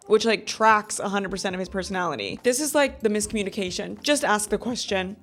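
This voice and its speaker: A woman's voice: mid-range voice, fairly quick, hardly any pauses, fairly bright tone, soft background music. Gushing woman in her thirties reviewing books. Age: 30s. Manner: gushing and dramatic, heavy use of "like". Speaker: book club host. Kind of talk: casual book review vlog.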